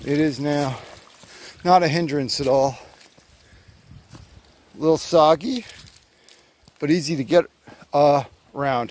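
A man's voice: on the high side, takes it slowly, pauses often, darkish tone. A man chatting to himself in a casual hiking vlog, rambling and joking as he walks a forest trail outdoors. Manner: rambling, joking self-talk. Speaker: vlogger.

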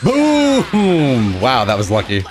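Excitable young man, lively gaming commentary. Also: fairly high pitch, normal speed. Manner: animated, yells at big moments, joking. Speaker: gaming channel host. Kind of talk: excitable fighting-game commentary. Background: game music.

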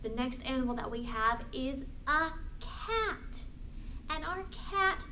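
A woman librarian leading a storytime for young children, talking in an animated, exaggerated sing-song way. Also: high voice, slow pace, noisy background.

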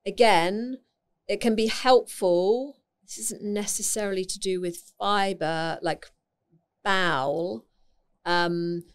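A woman's voice: mid-range voice, clean tone. Chatty woman explaining nutrition. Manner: chatty, explanatory, laughs easily. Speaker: naturopath guest. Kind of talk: casual interview chat.

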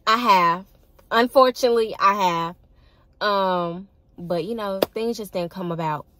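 A woman's voice: medium pitch, a little slow, fairly bright tone, a little hiss or hum. A young woman telling a dating story to her viewers in a casual, chatty way, often laughing and calling them y'all. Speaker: vlogger.

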